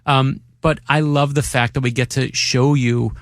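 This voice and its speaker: A male author being interviewed in a radio studio, an excited storyteller who acts out quotes. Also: medium pitch, a little slow, no echo. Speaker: author guest. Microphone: studio microphone.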